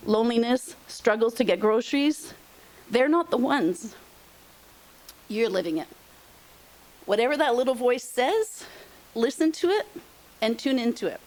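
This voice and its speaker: A middle-aged woman gives a heartfelt motivational talk with a slightly high voice. She speaks emphatically, repeats her points for weight, and her emotion shows through. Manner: emphatic and repetitive, openly emotional. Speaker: presenter on aging and senior housing.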